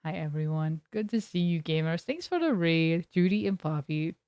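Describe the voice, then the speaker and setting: A woman's voice: sits low, animated, moderate pace, clean tone, dry recording, lo-fi sound. A young adult woman streaming as a variety streamer, chatting casually with her viewers in a rambling, talkative way and laughing often. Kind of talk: casual chat with live viewers.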